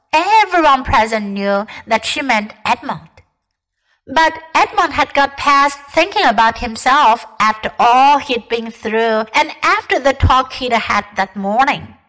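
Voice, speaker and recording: A woman teacher reading a classic storybook aloud in a careful, expressive way. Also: a little high, low-quality recording.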